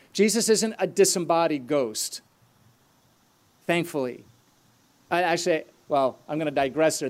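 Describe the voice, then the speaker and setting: Male preacher, high voice, earnest teaching tone with asides. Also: a little mellow. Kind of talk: sermon.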